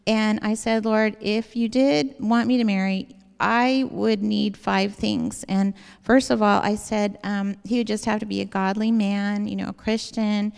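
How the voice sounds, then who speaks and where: A woman's voice: medium pitch, steady tone, a little slow, gravelly, darkish tone, clean tone. A woman giving a personal faith testimony to an audience, telling her story in an earnest, rambling way in a large hall. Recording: long hall reverb.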